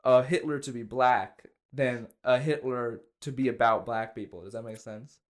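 A young man hosting a loose comedy podcast, stumbling over his words and circling back to his point. His voice sits at an ordinary middle pitch. He talks casually, trailing off into asides. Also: fairly even intonation. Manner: rambling, halting restarts, trailing "you know what I'm saying". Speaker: podcast host.

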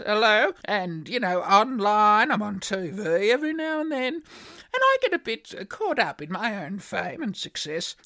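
A woman's voice: mid-range voice, pushed and bright, no room sound, studio quality. A woman voicing a vain, touchy old granny on a comedy podcast, talking in a self-important, mock-dramatic way. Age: older. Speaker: podcast co-host.

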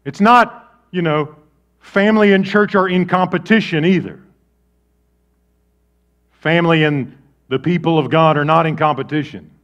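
The audio is dull as a male pastor preaches at an unhurried pace with long pauses. His sermon is conversational and energetic, alternating loud outbursts with quiet, low asides.

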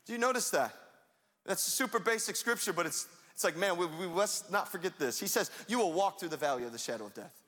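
A young man preaching a sermon in a lively, conversational way, now and then rising to a shout. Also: high voice, fast talker. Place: church sanctuary. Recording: long hall reverb.

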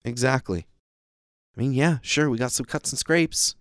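A man's voice: medium pitch, moderate pace, no room sound, clean studio sound. A man hosting a comedy show, playing an improvised sketch in an earnest, straight-faced way.

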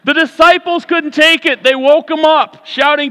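A man preaching a sermon as pastor, animated, swinging from hushed lines to loud ones. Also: very high-pitched, normal speed, few pauses. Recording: reverberant hall.

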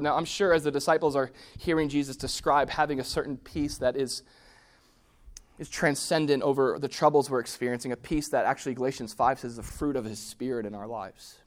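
Man, pastor, sermon, slightly high voice, loud swells, hushed asides. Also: a little fast. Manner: dynamic preaching, swinging from loud emphatic peaks to hushed near-whispers.

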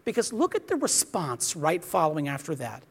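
A man delivers a sermon with earnest emphasis. His pitch rises and falls in a lively way, and he acts out the quoted exchanges he describes. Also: moderate pace, vocal fry, breathy edge. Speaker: preacher.

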